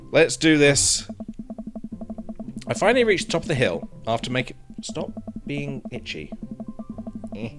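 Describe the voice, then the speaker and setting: A man's voice: mid-range voice, a bit bright. A man streaming a game, reading its text aloud with joking, wry asides.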